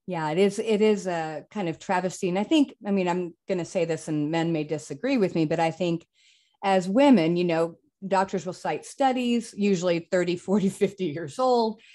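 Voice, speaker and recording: A woman hosting a podcast, chatting frankly and telling lively personal stories. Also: lowish voice, normal speed, hardly any pauses. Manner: frank, animated storyteller. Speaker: podcast host. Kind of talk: casual podcast conversation.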